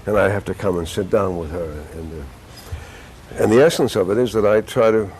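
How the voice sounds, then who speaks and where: Older male actor guest, lowish pitch, chatty storyteller, local studio interview. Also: moderate pace, slightly rough, poor audio. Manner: animated storyteller, rambling with restarts.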